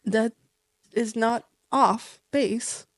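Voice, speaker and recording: A woman co-hosting a podcast in casual chat, rambling and quick to laugh. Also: a little high, dry recording, clean studio sound. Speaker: podcast co-host.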